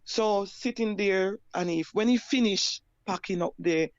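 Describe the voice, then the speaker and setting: A Jamaican woman giving a personal testimony, halting and repeating her words as she recounts. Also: medium pitch, no echo, highs cut off. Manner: halting, repeats words and restarts, plain broken grammar. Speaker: survivor sharing her story.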